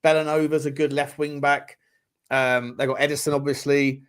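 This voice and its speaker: A man's voice: fairly high pitch, little pitch movement, normal speed. Rambling football podcast co-host, a man. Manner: rambling, restarts and slang, jokey. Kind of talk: casual chat.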